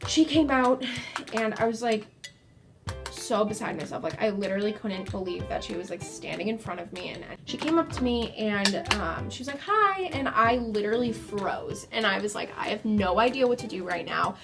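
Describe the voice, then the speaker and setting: A woman's voice: medium pitch, moderate pace, creaky, over music. Chatty young woman telling a story. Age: young adult. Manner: chatty, lots of likes and ums. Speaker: vlogger. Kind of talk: storytime while doing makeup.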